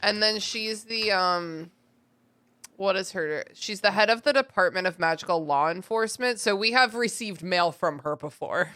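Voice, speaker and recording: A woman's voice: mid-range voice, moderate pace, pushed and bright. A woman co-hosting a podcast in casual chat, laughing often and swearing as she recaps a book. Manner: laughs often, swears, slips into quoted voices. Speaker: podcast co-host.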